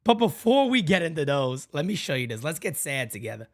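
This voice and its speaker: A man's voice: on the high side, very animated, a little fast, fairly bright tone, dry recording, clean studio sound. A man hosting a fan podcast, ranting in a heated, blunt and profane way and speaking straight to his listeners. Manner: talks straight to listeners as "guys" and "folks". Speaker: podcast host.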